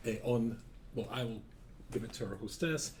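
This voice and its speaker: A man's voice: medium pitch, moderate pace, a little mellow, slight background noise. A man giving an informal Torah class as a rabbi, a rambling storyteller who keeps correcting himself and drops dry asides.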